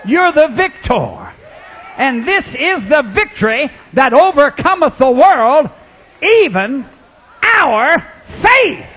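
A man preaching a revival sermon, swinging from loud hollering to hushed asides. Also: very animated, measured pace, husky. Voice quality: high-pitched, hollering. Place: revival tent or church with congregation. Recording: dull lo-fi recording with faint background noise.

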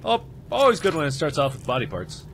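A young man in his twenties commentating a horror game, with jumpy, loud screaming outbursts and jokey asides. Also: on the high side, huge pitch swings, quick pace, creaky, slight background noise. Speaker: let's play host.

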